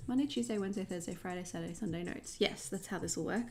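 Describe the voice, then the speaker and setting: A woman's voice: on the low side, quick pace. A young Australian woman hosting a journaling livestream, chatting casually with viewers while she paints, laughing often.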